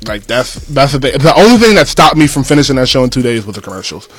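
A man's voice: mid-range voice, sing-song, quick pace, soft background music. A young man in casual chat, talking loosely in slang and often laughing. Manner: laid-back slang, frequent laughs.

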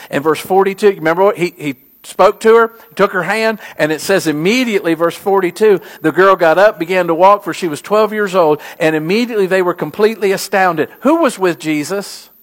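A middle-aged man preaches a sermon in a fairly high voice. He tells stories with animation and pushes his key lines to emphatic peaks. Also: brisk, hardly any pauses, fairly bright tone. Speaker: pastor.

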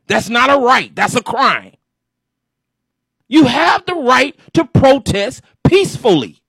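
A man's voice: extremely high pitch, gravelly, fairly bright tone, breathy edge, no room sound. A man hosting a commentary show, lecturing his audience in an exasperated rant that keeps circling back to the same points. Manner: exasperated, lecturing, repeats himself.

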